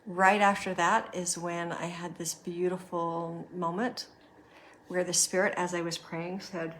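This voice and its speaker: A woman's voice: lowish voice, flat delivery, unhurried, fairly bright tone, slight background noise. Earnest woman guiding a reflection. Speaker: podcast host. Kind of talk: reflective personal storytelling.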